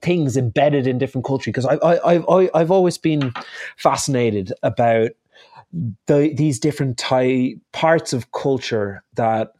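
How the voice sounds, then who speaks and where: A man's voice: medium pitch, a little slow, darkish tone, no echo. A man with an Irish accent, a chef guest in a casual conversation, who rambles and corrects himself as he tells stories. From Ireland. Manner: rambling, self-correcting storyteller.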